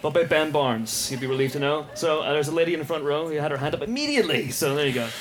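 A man's voice: on the high side, lively intonation, rapid-fire. Jokey man moderating a panel. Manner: chatty and jokey, laughs easily. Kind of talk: hosting a live Q&A.

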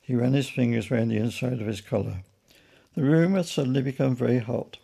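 A man reads his own children's story aloud in a gentle, measured way. His voice is gravelly and husky, with a dark, mellow tone. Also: medium pitch. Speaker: author reading his book. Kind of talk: storybook reading.

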